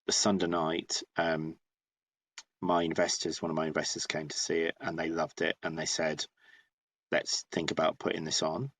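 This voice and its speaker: A man of about fifty, speaking in a very deep register. He tells his story casually and with lively energy, often restarting his sentences. He sounds like a guest sharing an anecdote in an interview. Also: normal speed, a little hiss or hum. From northeast England. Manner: animated, chatty, many restarts. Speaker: guest playwright.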